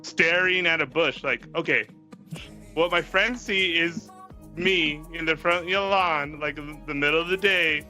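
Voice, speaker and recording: Rambling man with a bright voice. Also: on the high side, unhurried, soft background music. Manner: rambling, heavy use of "like", laughs often, swears freely. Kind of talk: casual storytelling chat.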